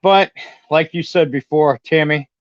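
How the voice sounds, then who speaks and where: A California man appears as a guest on a casual livestream chat, speaking in a fairly high voice at a measured pace. He's defensive, defiant and plain-spoken, with some swearing. The audio is dry, dull lo-fi stream sound with no room sound.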